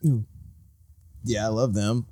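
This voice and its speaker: A man's voice: lowish voice, steady tone, slow pace, dark tone, no room sound, clean studio sound. Laughing, rambling male storyteller. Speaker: guest actor. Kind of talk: casual podcast chat.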